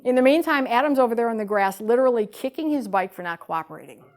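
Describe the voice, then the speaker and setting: A woman giving a talk, telling a story with animated swings between loud bursts and hushed lines. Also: fairly high pitch, quick pace. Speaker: speaker.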